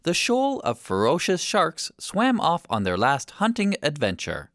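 A narrator reading a children's story aloud in a clear, steady, expressive way. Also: medium pitch, measured pace, few pauses, no room sound.

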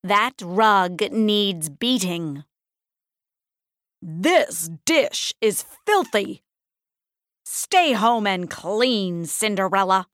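A woman's voice: medium pitch, animated, very slow, a bit bright, no echo, clean studio sound. A woman voicing mean, bossy young stepsisters in a read-aloud storybook.

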